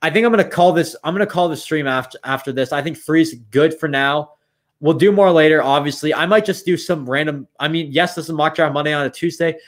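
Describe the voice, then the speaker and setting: A man's voice: on the high side, brisk. A young man casually talking through picks on a live stream, thinking aloud and a bit tired. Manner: thinks aloud, rambling with restarts. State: yawning, tired. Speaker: streamer running mock drafts.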